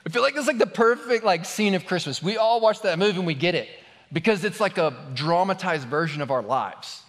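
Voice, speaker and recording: In a large hall before an audience, a married adult pastor preaches a sermon, chatting casually and joking with the congregation before he prays and reads scripture. His high voice is animated, a bit bright and a little fast. The recording carries long hall reverb.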